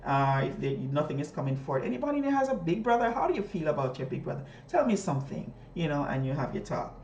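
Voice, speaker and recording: Animated woman teacher in an echoey room. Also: quick pace, highs cut off, a little hiss or hum. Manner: animated, questioning, jumps high when modeling questions to students. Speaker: teacher trainer. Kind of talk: instructional talk modeling a classroom lesson.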